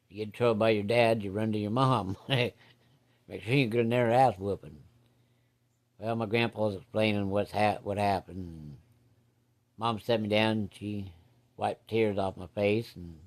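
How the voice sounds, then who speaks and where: A man telling a rambling, plainspoken story from his childhood in casual, salty farm slang. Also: fairly low pitch.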